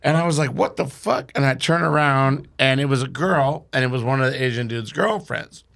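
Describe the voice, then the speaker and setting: A man's voice: mid-range voice, fairly quick, gravelly, fairly bright tone. A young man telling a wild drinking story as a podcast guest, swearing and laughing through it. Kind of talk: casual storytelling.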